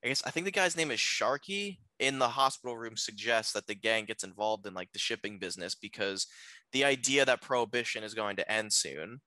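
A man's voice: lowish voice, brisk, sharp tone, dry recording, low-quality recording. A man co-hosting a podcast, talking casually through a film's plot with many fillers and restarts. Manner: rambling, lots of fillers and restarts. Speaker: podcast co-host. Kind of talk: casual film discussion.

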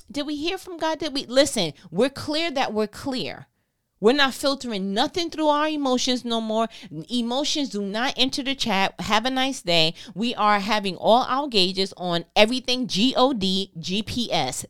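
A young woman hosting a devotional talk, reading Bible verses slowly and softly, then preaching with fired-up urgency. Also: medium pitch. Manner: earnest, switches between slow soft reading and fired-up preaching. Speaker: podcast host.

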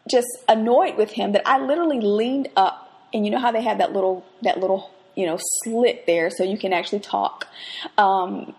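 A woman hosting a faith podcast, who moves between quiet reflection and lively personal stories as she teaches. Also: mid-range voice, normal speed. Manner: expressive, swings from hushed reflection to lively anecdote. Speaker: podcast host and Bible teacher. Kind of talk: devotional teaching with personal storytelling.

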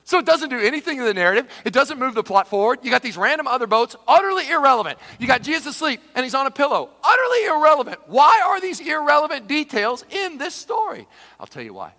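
Animated preacher man in a reverberant hall. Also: very high-pitched, quick pace. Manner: animated preacher, shouts dramatized quotes, then drops to a hush. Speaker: pastor. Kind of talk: sermon.

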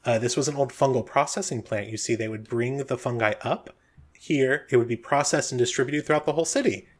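A man voicing Etrata, a calm, brisk female guide who speaks in a matter-of-fact way. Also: medium pitch, close to an everyday voice.

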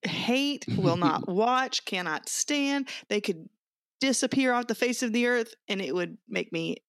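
A woman co-hosting a faith podcast, talking in an animated, quick way and laughing often. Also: on the high side, no room sound, studio quality. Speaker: podcast co-host. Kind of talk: casual chat.

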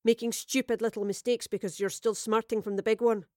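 A woman's voice: on the high side, steady tone, a little fast, a little mellow, no echo, clean studio sound, natural voice. A woman voicing a stern female commander who scolds in a clipped, firm, dryly severe way.

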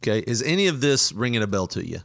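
A middle-aged man spins a story in a relaxed, chatty way, breaking into laughter often. His voice sits at an ordinary pitch, and he slips into other voices when he quotes. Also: quick pace, vocal fry. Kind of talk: casual storytelling chat.

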